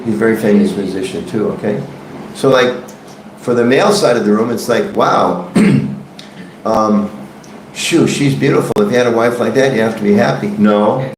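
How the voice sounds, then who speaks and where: A man's voice: on the low side, normal speed, slight background noise. A man teaching a devotional scripture class in a temple hall, conversational and joking, questioning his audience. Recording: echoey room.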